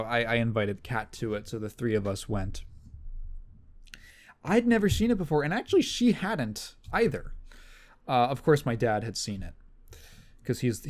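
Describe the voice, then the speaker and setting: Rambling man telling a story. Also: medium pitch. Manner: rambling storyteller, laughs often, mimics people. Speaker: podcast host. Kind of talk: casual chat.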